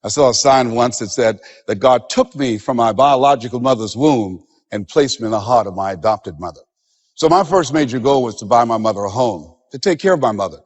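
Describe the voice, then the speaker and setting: A man's voice: medium pitch, expressive, brisk, slightly rough, big-room sound, muffled recording. A man giving a motivational seminar speech, with emphatic, preacher-like delivery that acts out the voices of others. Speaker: motivational speaker.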